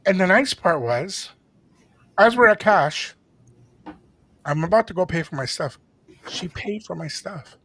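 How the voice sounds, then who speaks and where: A middle-aged man co-hosting a radio show, telling a story in a lively way and acting out the voices of the people in it. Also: high-pitched, a little slow, long pauses. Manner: animated, acts out quoted voices, mixes in Spanish phrases. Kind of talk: casual storytelling chat.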